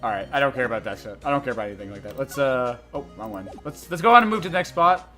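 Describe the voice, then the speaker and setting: Giggly, crude let's-play host. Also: male voice, medium pitch, expressive, very fast, pushed and bright, faint music behind. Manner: giggly, crude, rambling asides. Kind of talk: casual gameplay commentary.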